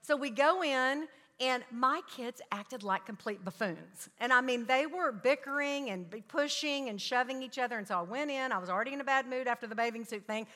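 A middle-aged woman speaking to an audience, telling family stories in an animated way and acting out her children's lines. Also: sits high, fairly quick. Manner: animated, acts out her kids' voices. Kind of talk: storytelling talk to an audience. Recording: long hall reverb.

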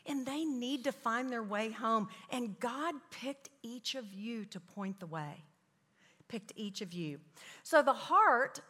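A woman's voice: a little high, bright, forceful tone. A woman in her fifties giving a Christian parenting talk to parents, chatty and storytelling with self-mocking asides. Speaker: parenting class teacher speaking to parents. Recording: echoey hall with long reverb.

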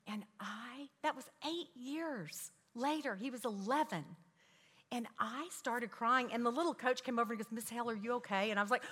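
Middle-aged woman telling family stories to a crowd, kinda high voice, lots of echo. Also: normal speed, slightly rough. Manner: animated, acts out her kids' voices. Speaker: speaker. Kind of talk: storytelling talk to an audience. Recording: long hall reverb.

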